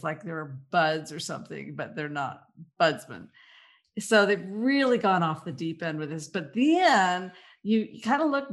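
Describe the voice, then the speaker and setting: Woman co-host, lowish voice, dry mocking delivery, rattles off lists. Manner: sardonic, mocking, lists things off. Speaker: podcast co-host. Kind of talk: political talk show chat.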